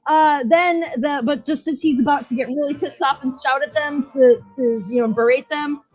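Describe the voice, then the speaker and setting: A woman with a high-sitting, slightly mellow voice talks at a moderate pace. She's a podcast co-host casually reviewing a show, rambling and swearing, laughing as she retells scenes. The audio is dull and lo-fi, with faint music underneath.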